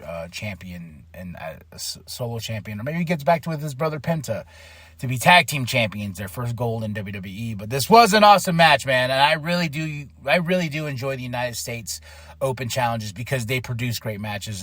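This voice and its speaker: A man hosting a podcast, recapping a wrestling show in a casual, excitable way and laughing often. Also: medium pitch, no room sound. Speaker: podcast host.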